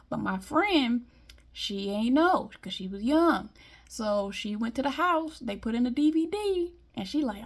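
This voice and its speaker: A woman's voice: fairly high pitch, normal speed. A woman from Detroit giving a blunt, emphatic monologue in casual vlog style. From Detroit, US Midwest. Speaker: vlogger.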